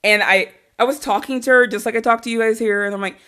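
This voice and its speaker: A woman from Arizona, a guest on a podcast, chatting casually and telling stories in an animated way, laughing often and swearing freely. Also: a little high, quick pace, clean tone. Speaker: podcast guest, wrestling interviewer.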